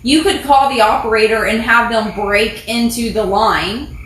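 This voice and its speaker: A middle-aged Texan woman co-hosting a casual chat and telling stories in a lively way. Her voice sits a bit high and sounds somewhat far from the mic. The room is echoey, with faint noise in the background. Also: moderate pace. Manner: chatty, animated storyteller. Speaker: podcast co-host.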